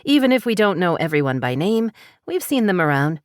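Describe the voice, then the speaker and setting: A woman's voice: on the low side, sing-song, a little fast, no echo, studio quality, pitched above the performer's own voice. Woman reading as a chatty local woman.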